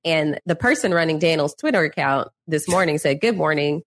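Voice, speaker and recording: A woman's voice: low voice, expressive, fairly quick. A woman co-hosting a podcast, chatting casually with frequent laughter and exasperated remarks. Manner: laughs often, exasperated commentary. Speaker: podcast co-host. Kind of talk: casual recap chat.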